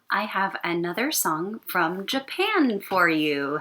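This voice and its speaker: A woman leads a music lesson for young children, drawing out her words at an easy, unhurried pace. Her pitch swoops up and down in a lively, sing-song way, and she breaks into playful sound effects as she guides the class. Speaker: elementary music teacher.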